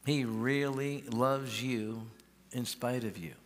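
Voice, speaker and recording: A male pastor delivers a sermon in a large church, his mid-range voice steady and unhurried, with a long church-hall reverb. His style is folksy and conversational, and he often restarts his sentences.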